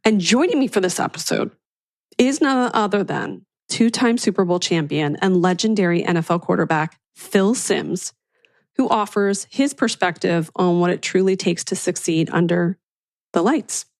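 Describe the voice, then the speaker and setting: A woman's voice: fairly low pitch, normal speed, dry recording. A woman hosting a podcast, reading an enthusiastic scripted intro and then interviewing a guest. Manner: enthusiastic, upbeat. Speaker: podcast host.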